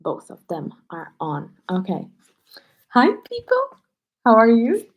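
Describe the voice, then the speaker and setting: A woman teacher on a live stream, speaking low and hushed at home so she won't wake people sleeping nearby. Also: animated, unhurried, poor audio.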